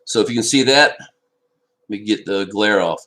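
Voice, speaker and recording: A man's voice: fairly low pitch, measured pace, fairly bright tone, low-quality recording. A man hosting a casual fishing live stream from home, rambling and answering viewer comments aloud into a laptop microphone. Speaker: fishing channel host. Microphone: laptop built-in microphone.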